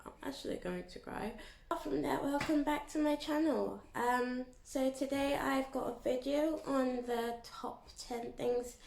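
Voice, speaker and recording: A young woman chatting casually to her vlog audience in an animated, storytelling way. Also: a little high, gravelly, slight background noise. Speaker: YouTuber. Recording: echoey room.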